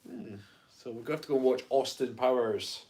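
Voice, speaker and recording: A man's voice: mid-range voice, brisk, a little mellow. Easygoing man chatting. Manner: explains at length, movie references, playful asides. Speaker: co-host. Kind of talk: casual chat.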